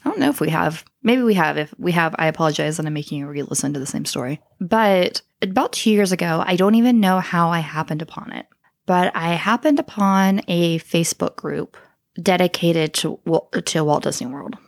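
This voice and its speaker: A woman's voice: on the low side, animated, brisk, vocal fry. A woman co-hosting a casual podcast chat, telling stories with lots of filler words and frequent laughter. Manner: giggly storyteller, many "like" fillers. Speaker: podcast co-host.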